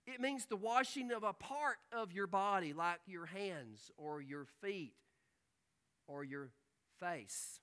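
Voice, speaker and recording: A man preaching a sermon, who swings between hushed, slow stretches and loud, emphatic outbursts. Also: very high voice. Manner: dynamic preaching, drops to hushed tones and rises to emphatic outbursts. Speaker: pastor.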